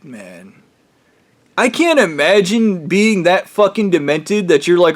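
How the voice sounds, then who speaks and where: A man's voice pitched a little higher than usual, caught in a heated, rambling rant. He swears constantly, restarts his sentences and trails off mid-thought. His tone stays scornful and agitated throughout. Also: sing-song, unhurried. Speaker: vlogger. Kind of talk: profane angry rant.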